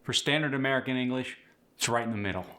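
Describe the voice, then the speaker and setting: Bright-voiced male accent coach. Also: mid-range voice, fast. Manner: clear, explanatory, demonstrates example words. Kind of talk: accent tutorial.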